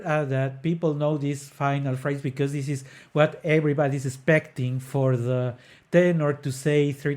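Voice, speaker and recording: This opera podcast host has a fairly high, darkish voice. He walks through an aria with earnest care, leaning on frequent hesitant fillers, and sings snippets aloud to show the notes.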